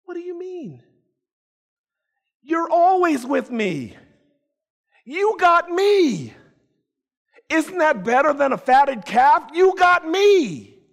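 A man's voice: unhurried, few pauses, darkish tone, husky. A man voicing a loving older father who coaxes and pleads with his son. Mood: pleading. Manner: coaxing then crying out, voice climbing high. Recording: echoey hall.

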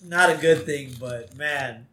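A man's voice: on the high side, slow pace, bright, forceful tone. A man co-hosting a podcast, casually recapping a cartoon episode, chatty and often checking "right?". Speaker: podcast co-host. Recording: echoey room.

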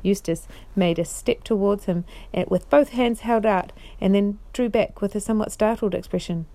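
Woman reading a bedtime story aloud: gentle, measured, mellow tone. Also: medium pitch.

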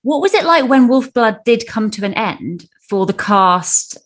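A woman's voice: a little high, animated, unhurried. A woman co-hosting a casual interview over a video call, asking encouraging questions. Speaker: interview host.

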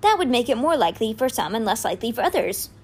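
A woman voicing a clever, bookish young girl in a high, quick voice. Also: big pitch swings, slightly rough, heavily acted. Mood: bright, curious.

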